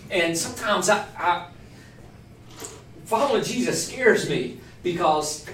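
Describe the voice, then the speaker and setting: A man teaching a small church group in a relaxed, conversational sermon, joking about himself now and then. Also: sits high, measured pace, a little hiss or hum. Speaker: pastor teaching a church class. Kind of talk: informal sermon. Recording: echoey room, voice from far off.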